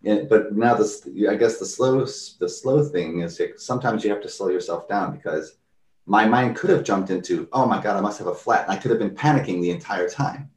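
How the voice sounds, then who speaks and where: At a moderate pace and with a voice on the low side, a man talks informally about mindfulness. He animates ordinary stories by performing the reactions he quotes, while the far-off recording carries an echoey room sound.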